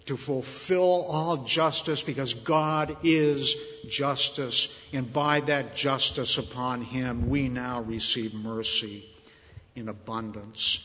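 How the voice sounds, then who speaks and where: A man preaching a sermon, slow and earnest, rising louder on key phrases and dropping soft at the ends. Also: medium pitch. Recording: muffled reverberant hall.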